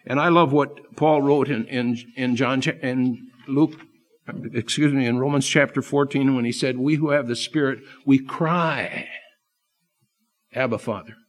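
A man preaching a sermon, impassioned, swinging from loud emphasis to hushed, earnest asides. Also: mid-range voice, fairly even intonation, measured pace.

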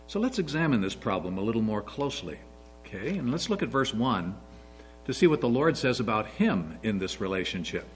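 A man's voice: medium pitch, very animated, a little fast, faint music behind, low-quality recording. A man in his sixties giving an earnest, story-filled sermon as a pastor. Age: 60s.

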